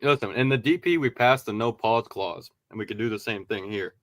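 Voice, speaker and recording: A man's voice: fairly low pitch, brisk, a bit bright, no room sound. A man co-hosting a casual sports livestream, laid-back and teasing, swearing often. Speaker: co-host. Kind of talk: casual banter.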